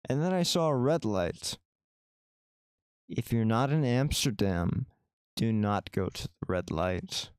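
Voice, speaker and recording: A man's voice: medium pitch, darkish tone, smooth, dry recording, studio quality. A man streaming a visual novel, reading the game text aloud with casual, wry asides to his chat.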